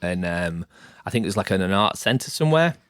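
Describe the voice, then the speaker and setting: A man's voice: low voice, big pitch swings, fairly quick, a bit bright, smooth, dry recording, clean studio sound. A middle-aged man hosting a podcast, talking in a rambling, hesitant way with lots of restarts. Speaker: podcast host. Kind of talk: casual chat.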